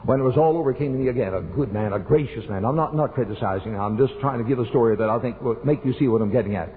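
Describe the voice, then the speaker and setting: An older man preaches, telling a personal story and pushing his voice up high for emphasis. The recording is thin and phone-like. A long reverb from the church hall trails behind each phrase. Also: quick pace. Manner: storytelling, emphatic rises in pitch. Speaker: pastor. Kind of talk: sermon.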